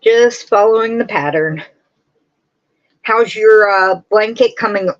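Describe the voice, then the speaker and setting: A woman's voice: mid-range voice, slow pace, lo-fi sound. A woman hosting a live crafting stream, rambling casually and answering her viewers' comments as she goes.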